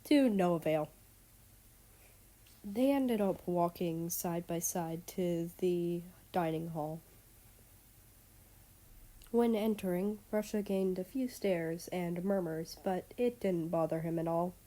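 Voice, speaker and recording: A woman's voice: on the low side, slow pace, pauses often, warm tone. A woman reading fan fiction aloud as narrator. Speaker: story reader.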